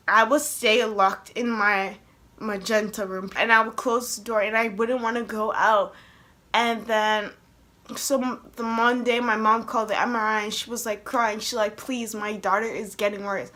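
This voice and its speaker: A young woman with a fairly high, bright, forward voice tells a story straight to her vlog camera. She talks casually and fills her sentences with "like." She jumps into the voices of the people she quotes as she goes. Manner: chatty, heavy use of "like", acts out quoted voices. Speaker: vlogger.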